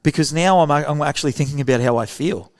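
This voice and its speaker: Aussie guy with a gravelly voice, earnest, keeps acting out little bits of dialogue. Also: on the high side, fast talker. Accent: Australian. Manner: earnest, animated, acts out short dialogues. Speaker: podcast guest, veteran program founder. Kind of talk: casual interview talk.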